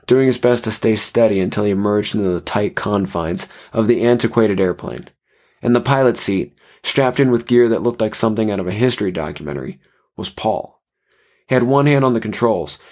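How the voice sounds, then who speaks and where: A man narrating a scripted horror story in a measured way. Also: fairly low pitch, darkish tone.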